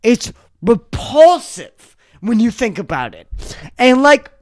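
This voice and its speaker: A young adult podcast host giving an angry, profane rant on a solo episode, sometimes breaking into shouts. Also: mid-range voice, sing-song, slow.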